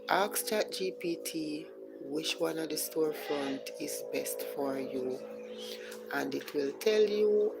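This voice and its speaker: A woman with a Jamaican accent hosting a live podcast, explaining steps at a relaxed pace and greeting viewers by name. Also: low-pitched, vocal fry, rough recording. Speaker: podcast host. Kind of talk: casual live-stream chat.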